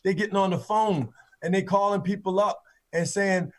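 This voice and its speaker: A man hosting a morning talk show, emphatic and rallying, in an energetic radio style. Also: high voice, normal speed.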